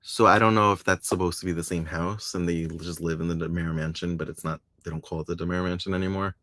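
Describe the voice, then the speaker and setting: A man's voice: sits low, steady tone, fast talker, pushed and bright. A man co-hosting a podcast, chatting casually and laughing often as he recaps soap opera episodes and quotes the characters playfully. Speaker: podcast co-host.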